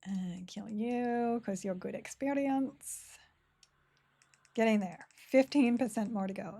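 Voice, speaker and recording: Her voice is mellow and mid-range, a little slow, with long pauses, as she giggles and chats casually while streaming a game. She reads chat along the way and makes fun of herself.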